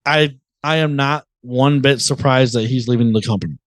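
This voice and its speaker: A man co-hosting a sports podcast in casual chat, relaxed and fond of sports analogies. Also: medium pitch, moderate pace, no echo. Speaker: podcast co-host.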